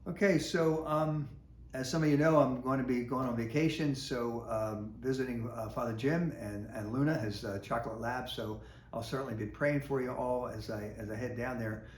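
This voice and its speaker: Folksy priest in an echoey room. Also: male voice, medium pitch, normal speed. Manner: folksy and conversational, with many fillers. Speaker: parish priest. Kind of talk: casual video reflection. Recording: echoey room with faint noise.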